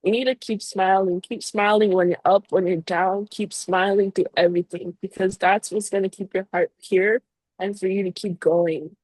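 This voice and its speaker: A woman's voice: mid-range voice, steady tone, moderate pace, darkish tone, dry recording, poor audio. A young woman, a baker and business owner, telling a heartfelt personal story on a podcast, full of "like" fillers. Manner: emotional, heartfelt, lots of "like" fillers.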